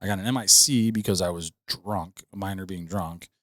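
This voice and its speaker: A man's voice: low voice, fairly quick, fairly bright tone, no room sound, studio quality. A young man co-hosting a podcast, telling a profane, rambling story full of fillers into a podcast mic. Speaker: podcast co-host. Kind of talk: casual storytelling.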